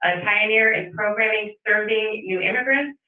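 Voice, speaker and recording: Event introducer, formal read, mid pitch; distant, roomy, phone-thin audio. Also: normal speed. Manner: formal, steady. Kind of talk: reading a speaker introduction. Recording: far-off echoey phone-like audio.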